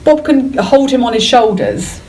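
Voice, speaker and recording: A woman leads a relaxed discussion of a classic novel and reads out passages between comments. She sits a little back from the mic, and faint noise hums under her voice. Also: a little high, measured pace, distant mic, low-quality recording. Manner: laughs often, reads quotes in put-on voices. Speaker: podcast host and teacher. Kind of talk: casual literature discussion, reading aloud.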